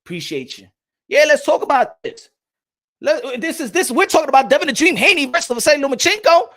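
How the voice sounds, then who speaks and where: Boxing vlog host, man with a high pitched voice, heated profane rant with shouty bursts. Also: very animated, fairly quick. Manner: repeats phrases, laughs at own points. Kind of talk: casual boxing commentary vlog.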